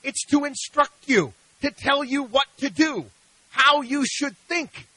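A man's voice: extremely high pitch, slow, bright, forceful tone, no room sound, poor audio. A man hosting a radio show, delivering an emphatic, preachy monologue full of rhetorical questions.

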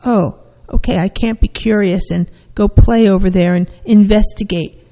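A therapist acting out a hurt young child who gives in with soft, resigned self-talk. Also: mid-range voice, steady tone, moderate pace, in a large hall, lightly acted, poor audio.

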